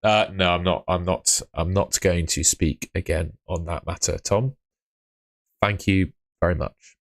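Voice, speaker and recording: A man's voice: deep voice, fairly even intonation, moderate pace, gravelly. A man chatting casually on a live fantasy football stream, rambling and answering viewers by name, tired after a long day. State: tired, yawning.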